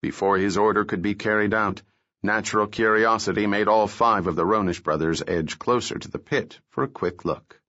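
A man narrating an audiobook in a steady, measured storytelling manner. His voice sits fairly low, and the recording sounds dull and lo-fi.

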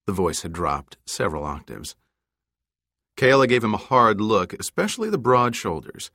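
A man narrating an audiobook in a steady, measured way. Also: sits low, gravelly, no room sound, clean studio sound. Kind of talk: scripted narration.

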